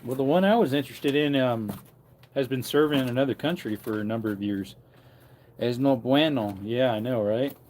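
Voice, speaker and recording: A man's voice: medium pitch, normal speed, a little mellow, slight background noise. A man in his thirties chatting casually on a livestream, rambling and answering chat comments aloud, outdoors near farm animals. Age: 30s.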